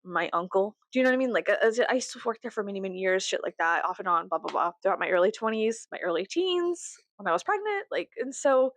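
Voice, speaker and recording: A woman in her thirties telling a storytime vlog from her bedroom, profane and animated, laughing often and acting out what people said. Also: medium pitch, fast, few pauses, a little hiss or hum. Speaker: vlogger.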